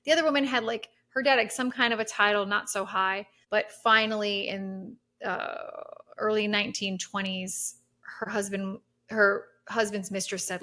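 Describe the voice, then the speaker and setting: A woman's voice: mid-range voice, fairly even intonation, moderate pace, bright, forceful tone. Chatty woman podcast host telling history. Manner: chatty storytelling with many fillers and restarts. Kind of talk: casual chat.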